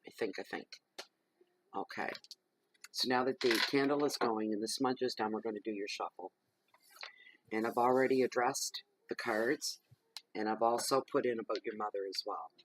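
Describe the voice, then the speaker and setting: A man gives a tarot reading to camera at home in the evening. He talks in a chatty, rambling way and slips into soft, murmured invocations. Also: medium pitch, normal speed, a little hiss or hum, rough recording. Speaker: tarot reader. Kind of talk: casual chat to camera during a tarot reading. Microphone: camera microphone.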